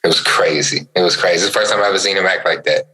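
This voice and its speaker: A man's voice: deep voice, racing, low-quality recording. A young adult man co-hosting a podcast, telling stories with lots of energy and often repeating his words. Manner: animated storyteller, stammers and repeats words. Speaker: podcast co-host. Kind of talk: casual chat.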